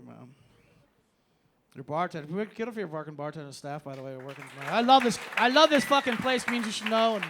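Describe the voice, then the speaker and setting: A stand-up comedian with a high-sitting, expressive voice talks fast on a comedy club stage, with background noise. His set is a loose, sarcastic rant peppered freely with swearing.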